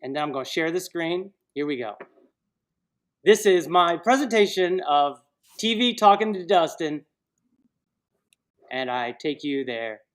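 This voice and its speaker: A man's voice: on the high side, animated, measured pace, pauses often. A man hosts a loose live-stream chat. He rambles, jokes and breaks into laughter often. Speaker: host.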